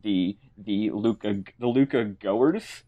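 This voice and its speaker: A man's voice: lowish voice, slow, warm tone, highs cut off. Co-host type: man, casual, rambling game recap with jokes. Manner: rambling, joking. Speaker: podcast co-host.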